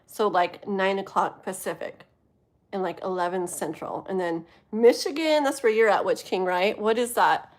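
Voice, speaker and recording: A woman in her thirties from the US West Coast, chatting casually on a live stream as a tarot reader, giggling often and easily sidetracked, sometimes dropping to a hushed voice. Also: medium pitch, moderate pace. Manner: drops to a hushed voice at times. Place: home with thin walls.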